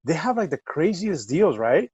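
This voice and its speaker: A man's voice: fairly high pitch, very animated, moderate pace, a little mellow, slightly rough, no echo, highs cut off. A man co-hosting a casual remote podcast, telling a rambling story full of fillers and restarts. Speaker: podcast co-host. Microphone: remote call mic.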